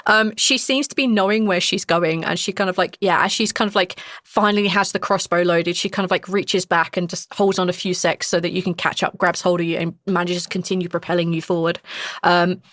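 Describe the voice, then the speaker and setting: A woman's voice: fairly low pitch, fairly even intonation, fairly quick, fairly bright tone, no room sound. A woman narrating a horror tabletop game as game master, rambling with many fillers. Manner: rambling, full of likes and ums.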